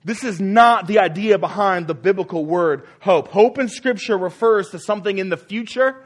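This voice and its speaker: A man's voice: high-pitched, normal speed. A man preaching a sermon as pastor, emphatic and repeating key phrases, often asking the congregation questions.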